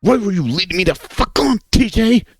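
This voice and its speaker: A man's voice: high-pitched, expressive, normal speed, voice pushed up. A man voicing a hot-tempered, lovesick young furry man who swears and pushes. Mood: angry. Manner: pushy, swearing, voice breaking.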